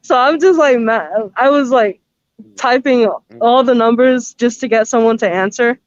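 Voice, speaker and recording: A woman's voice: on the high side, moderate pace, lo-fi sound. A young woman in a casual chat, giggly and slangy as she tells stories.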